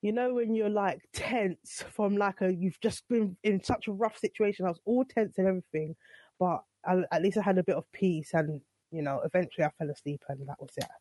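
A woman's voice: on the low side, fairly quick, warm tone, no echo. A young adult woman telling her side of a story in a casual, exasperated way, acting out what was said. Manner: exasperated, retelling with quoted dialogue.

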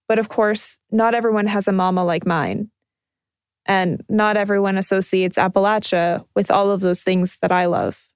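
A woman with a Canadian accent, calmly telling a personal documentary story in scripted narration. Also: mid-range voice, gravelly, no room sound. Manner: calm, reflective storytelling.

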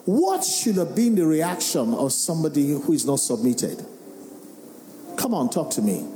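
A man, a pastor giving an animated sermon and firing questions at the congregation. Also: fairly high pitch, normal speed, noisy background. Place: large worship hall. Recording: echoey hall with faint music.

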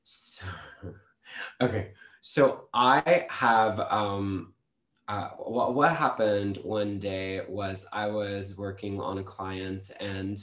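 Lower-voiced man, halting guest storyteller. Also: steady tone, fairly bright tone, roomy sound. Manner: halting, many restarts and "um". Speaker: podcast guest. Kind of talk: casual spiritual storytelling.

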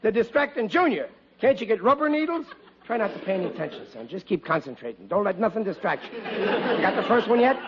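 A blustering New dad. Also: male voice, high voice, very animated, quick pace, a loud crowd, very noisy. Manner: blustering, flustered, stammering. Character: blustering bumbling working-class father. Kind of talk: 1940s radio comedy acting. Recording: lo-fi old radio broadcast.

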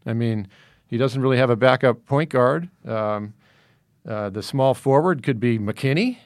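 A man's voice: mid-range voice, measured pace, no echo, clean studio sound. Man rambling through basketball analysis. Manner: rambling, many fillers and restarts. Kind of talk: casual sports discussion.

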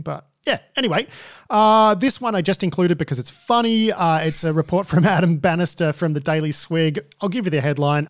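Higher-voiced man hosting, dry sound. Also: no room sound. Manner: chatty, wry, many fillers. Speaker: podcast host. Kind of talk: casual news chat.

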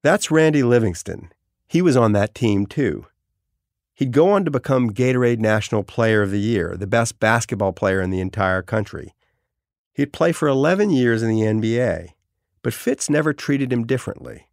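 A man from New Orleans narrating a documentary podcast in a deliberate storytelling manner. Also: mid-range voice, animated, vocal fry, a little mellow, no room sound, clean studio sound. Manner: deliberate storytelling, vivid phrasing. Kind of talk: scripted narration.

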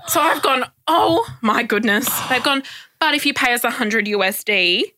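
A young adult woman telling a story on a podcast, animated and laughing often, acting out the people she quotes. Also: high voice, normal speed, no room sound, clean studio sound. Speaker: guest storyteller.

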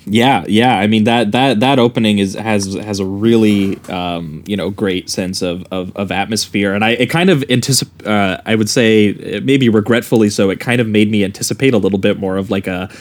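A man with a lowish voice hosts a laid-back film podcast. He talks in a halting way, full of ums and restarts, as he works through his thoughts. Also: steady tone. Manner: hesitant, many fillers and restarts. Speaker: podcast host. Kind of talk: casual film discussion.

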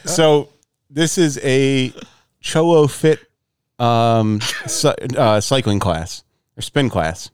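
A man's voice: mid-range voice, slow pace, clear, resonant tone, dry recording, clean studio sound. A man co-hosting a podcast, eagerly introducing clips in casual banter. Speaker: podcast co-host.

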